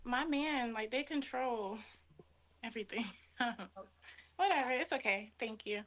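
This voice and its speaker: A woman in her twenties talks as a guest on an online show. Her speech is casual and full of fillers, and her voice sits a little high. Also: measured pace, a bit bright. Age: 20s. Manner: casual, filler-heavy, with a lot of like. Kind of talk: casual chat.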